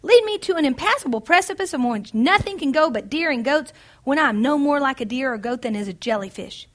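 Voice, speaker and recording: A woman voicing a timid, fearful young woman pilgrim, her pitch lifted and her delivery faltering and pleading while she reads from a book aloud. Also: lively intonation, moderate pace, fairly bright tone. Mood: exasperated.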